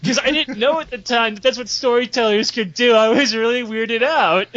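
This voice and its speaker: A man with a high, bright voice tells a crude story in a loose, excitable, laughing way. The sound is a bit dull and lo-fi. He talks as a podcast host. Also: normal speed. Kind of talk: casual comedic storytelling.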